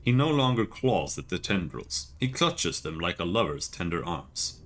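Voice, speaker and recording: Deep-voiced man reading game text. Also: very animated, normal speed, a bit bright. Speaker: streamer. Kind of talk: reading game text aloud while playing.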